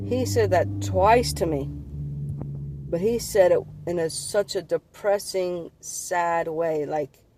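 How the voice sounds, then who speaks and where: A man's voice: a little high, darkish tone, slight background noise. A man giving an earnest, rambling personal testimony of his dreams and visions, often repeating and restarting his words. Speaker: vlogger sharing visions.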